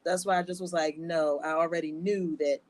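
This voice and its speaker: A woman co-hosting a podcast, telling stories in a lively way and laughing often. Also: low-pitched, brisk, no room sound. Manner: animated storyteller, laughs often. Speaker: podcast co-host. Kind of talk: casual chat.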